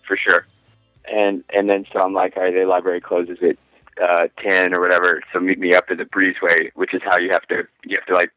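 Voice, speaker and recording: A man with a bright, forceful voice that sits on the low side, telling a rambling story in casual chat. He is crude and loose and laughs through his own lines. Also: no echo, low-quality recording. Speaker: podcast guest.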